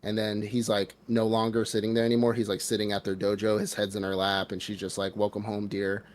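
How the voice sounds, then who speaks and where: Low-voiced man casually recapping a movie. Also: fast talker. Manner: animated retelling with put-on character voices, slangy. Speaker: podcast co-host. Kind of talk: casual chat recapping a film.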